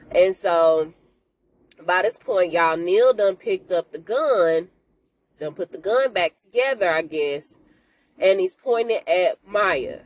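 Animated slangy woman podcaster. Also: on the low side, takes it slowly, dry recording. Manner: animated, slangy, talks to listeners as y'all, laughs often. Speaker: podcast host recapping a TV series. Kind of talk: casual chat.

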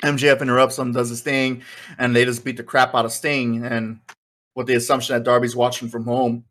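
A man's voice: medium pitch, flat delivery, a little fast, a bit bright. A man co-hosting a casual wrestling podcast, rambling with plenty of fillers. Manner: rambling, many fillers like "like" and "you know". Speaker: podcast co-host.

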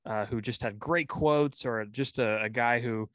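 A man's voice: medium pitch, measured pace, a bit bright, dry recording. A man hosting an interview, asking long questions with lots of fillers. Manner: rambling, searching questions with fillers. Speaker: host. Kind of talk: casual interview.

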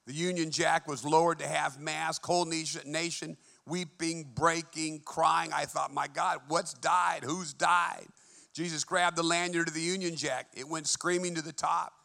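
A man preaching a fervent sermon in a church, moving between hushed and emphatic delivery. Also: fairly high pitch, fairly even intonation, moderate pace, creaky. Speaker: pastor.

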